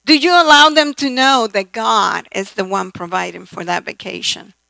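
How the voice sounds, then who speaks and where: An older woman preaching a sermon, telling stories slowly and repeating phrases for emphasis. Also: a little high, expressive, gravelly, pushed and bright, no room sound, low-quality recording.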